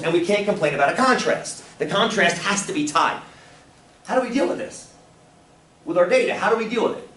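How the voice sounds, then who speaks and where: A man teaching a statistics class, animated and full of questions for his students. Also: high-pitched. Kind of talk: classroom lecture. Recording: roomy, from far off, faint room noise.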